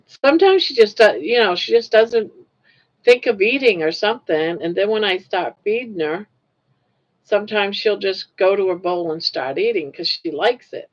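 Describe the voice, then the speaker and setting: A woman's voice: mid-range voice, unhurried, long pauses. An older woman host chatting casually with livestream viewers while crocheting, rambling and laughing easily. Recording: lo-fi livestream audio.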